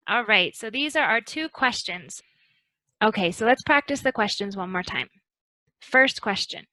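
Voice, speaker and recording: A woman teaching an English pronunciation lesson, speaking slowly and carefully to model intonation. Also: mid-range voice, animated, bright, forceful tone, dry recording, poor audio.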